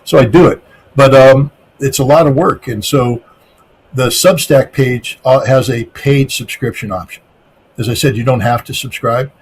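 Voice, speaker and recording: Male guest, from the US, mid-pitched, emphatic and repetitive; faint background noise. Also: moderate pace. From United States. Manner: emphatic, repetitive, with frequent restarts. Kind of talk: interview answers.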